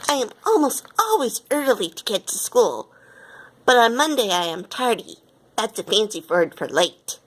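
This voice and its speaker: A woman reading a children's picture book aloud in an expressive way. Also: on the high side, normal speed, slight background noise. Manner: expressive, with lively quoted lines. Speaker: storyteller.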